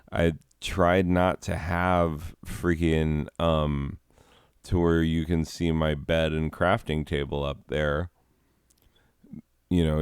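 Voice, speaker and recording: A man with an extremely deep, smooth voice talks slowly through his gameplay, wandering off into jokey tangents. The sound is close and dry, with no room around it. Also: a little mellow, no room sound. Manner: rambling, joking asides. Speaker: gaming video host. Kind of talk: casual gameplay commentary.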